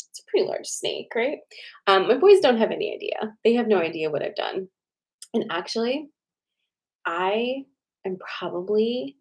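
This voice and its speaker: Chatty woman host, low voice. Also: a little mellow, low-quality recording. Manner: chatty, rambling, lots of "like" fillers. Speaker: livestream host reading cards. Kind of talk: casual chatty livestream.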